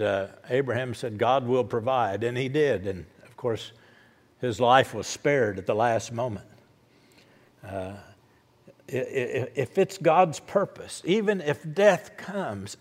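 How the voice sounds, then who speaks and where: A man preaching a sermon, repeating lines with rising emphasis and dropping soft and low at the ends of thoughts. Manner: emphatic repetition, rising to loud declarations. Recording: long hall reverb.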